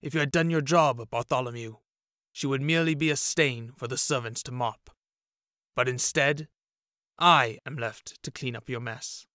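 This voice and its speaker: Noble knight, read by a man: gravelly, slow and formal, lower than the narration. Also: sharp tone, dry recording, clean studio sound, close to an everyday voice. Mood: stern. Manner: slow, formal, stately speech. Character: noble towering male knight, calm.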